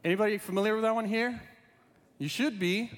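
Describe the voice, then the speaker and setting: A male pastor preaching a sermon, playful and lively, reading a children's book aloud with animal noises. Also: high voice, brisk. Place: church sanctuary. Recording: long reverb in a large hall.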